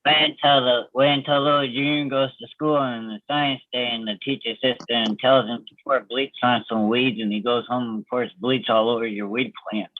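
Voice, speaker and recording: A man's voice: medium pitch, flat delivery, moderate pace, few pauses, no echo. A man co-hosting a podcast, joking in laughing, profane banter. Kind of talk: crude casual banter. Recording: tinny phone-like line, dry.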